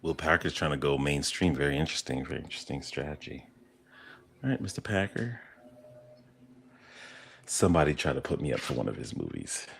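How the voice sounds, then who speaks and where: A man's voice: extremely low pitch, expressive, brisk, vocal fry, pauses often, a bit bright, a little hiss or hum. A man co-hosting a podcast, chatting casually with wry, self-mocking humor. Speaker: podcast co-host, actor. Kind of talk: casual chat.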